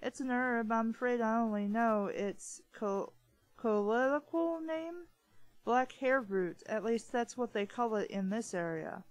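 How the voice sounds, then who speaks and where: A woman reading the lines of a charming, smooth-talking upper-class English gentleman from a novel, in a polite, persuasive manner. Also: on the high side, animated, unhurried, no room sound, low-quality recording.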